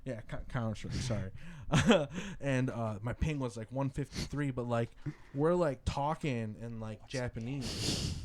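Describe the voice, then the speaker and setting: A young man co-hosting a podcast, talking in a laid-back, slangy way and getting animated when he tells stories. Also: medium pitch, a little slow. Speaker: podcast co-host. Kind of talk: casual chat.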